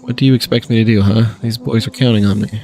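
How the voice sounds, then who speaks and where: A man's voice: lowish voice, fairly even intonation, fast, mellow, close to an everyday voice. A man voicing a hearty old dwarf leader. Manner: hearty, says "lad" a lot. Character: jolly older male dwarf leader, proud.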